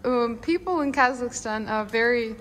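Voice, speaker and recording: A woman's voice: on the high side, moderate pace, a bit bright, soft background music. A woman chatting in a friendly way and giving advice. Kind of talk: casual conversation.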